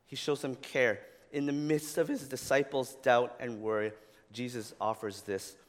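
A man preaching a sermon in a casual, conversational way, often tagging "right?" onto his points and growing loud and animated as he retells the story. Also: medium pitch, moderate pace, big-room sound. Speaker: pastor.

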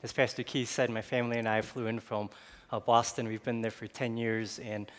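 A man's voice: mid-range voice, little pitch movement, brisk, in a large hall. A man with a Chicago accent, a guest pastor giving a sermon in a conversational way, with many fillers and restarts. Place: church sanctuary.

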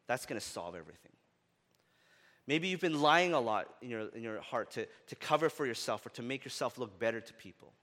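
A male pastor preaching a sermon in a casual, conversational way, often rising for emphasis. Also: fairly quick. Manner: animated, often rising in pitch and loudness for emphasis; conversational with fillers like "right?" and "like". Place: church. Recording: long reverb of a church hall.

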